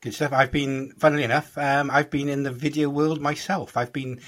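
Husky man hosting a podcast. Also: mid-range voice, level tone, a little fast, a bit bright. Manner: teasing, jokey, leads the chat. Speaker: podcast host. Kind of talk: casual chat.

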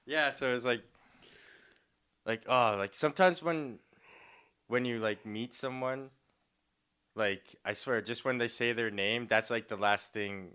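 A man's voice: medium pitch, a little slow, long pauses, sharp tone, clear, resonant tone. A young man, a podcast co-host, telling stories in casual chat, laughing often and acting out what people said. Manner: laughs often, acts out quotes.

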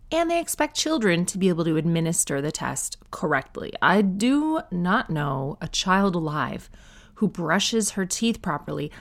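A woman with a Canadian accent hosting a podcast, talking through a casual solo monologue in a chatty, wry way that wanders off on tangents. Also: on the low side. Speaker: podcast host.

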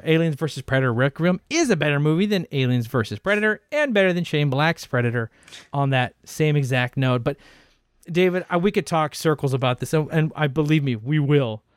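A man hosting a podcast in casual chat, loud, playful and teasing. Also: a little high, smooth, dry recording, clean studio sound. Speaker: podcast host.

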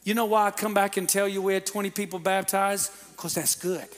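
A man preaching a sermon in a church, calling on the congregation to answer back and building to shouted peaks. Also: sits high, fairly even intonation, fairly quick. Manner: preaching with call-and-response to the congregation. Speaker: pastor. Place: church sanctuary. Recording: long reverb of a church hall.

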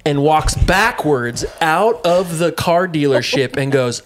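A young man telling a comedic story in a casual, profane, animated way, laughing often. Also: on the high side, takes it slowly, a little hiss or hum.

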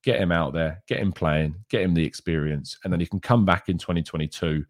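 A man hosting a football show from home, reading viewer questions and talking in a subdued, low register with plenty of casual fillers. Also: a little fast, no room sound, clean studio sound. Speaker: football podcast host. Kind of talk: live-stream chat about football, reading viewer questions.

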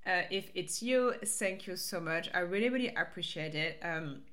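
A woman's voice: fairly low pitch, lively intonation, moderate pace, a bit bright. A woman with a French accent hosting her own podcast as a life coach, talking casually and upbeat with fillers and restarts.

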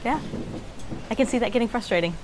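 Higher-voiced woman cohosting live, kinda sheepish and giggly, lots of noise behind her. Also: fast. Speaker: podcast co-host. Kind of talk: casual live podcast chat. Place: live event venue. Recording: noisy live event recording.

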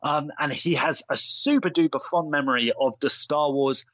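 A man's voice: fairly high pitch, moderate pace, fairly bright tone, no echo. A man co-hosting a podcast, chatting with enthusiasm and lots of fillers. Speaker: podcast co-host. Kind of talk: casual chat.

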